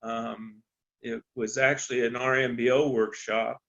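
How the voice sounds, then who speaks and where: A man from eastern Colorado, a rancher, telling a story in a halting, folksy way with many ums and restarts. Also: medium pitch, little pitch movement, creaky, a bit bright, lo-fi sound. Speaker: rancher on a landowner panel. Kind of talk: storytelling on a panel talk.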